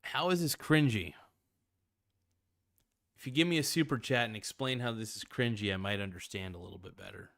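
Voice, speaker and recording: A man's voice: lowish voice, a little fast, vocal fry, long pauses, fairly bright tone, dry recording, clean studio sound. A man hosting a casual finance livestream, loose and slangy, rambling with frequent restarts. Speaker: livestream host.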